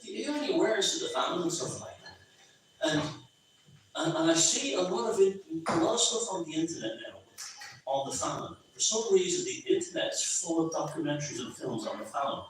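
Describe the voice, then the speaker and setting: A man's voice: fairly high pitch, a little hiss or hum. Irish man rambling in an echoey room. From Ireland. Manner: rambling, conversational, many restarts. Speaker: author speaking at his book launch. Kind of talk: informal public talk. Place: pub function room. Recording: very echoey, distant, lo-fi room recording.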